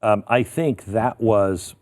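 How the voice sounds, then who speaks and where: A man's voice: lowish voice, takes it slowly. A middle-aged man hosting a talk show, chatting casually about politics and telling stories with animation. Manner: animated, storytelling. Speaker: show host.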